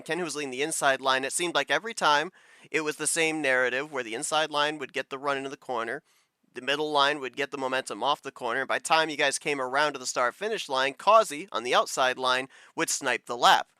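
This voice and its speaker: A man with a bright, crisp voice, pitched a touch high, asks detailed post-race questions in a measured way. The sound is dry and close. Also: dry recording. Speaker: interviewer.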